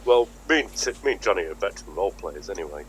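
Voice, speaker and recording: Lively low-voiced British game master. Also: male voice, fast talker, noisy background. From Britain. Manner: rambling, laughs often. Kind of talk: casual tabletop chat.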